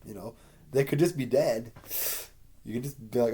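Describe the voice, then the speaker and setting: Mellow-voiced man rambling through a casual review. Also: mid-range voice, moderate pace, breathy edge. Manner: rambling, profane, conversational with many fillers. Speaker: video creator ranking TV seasons.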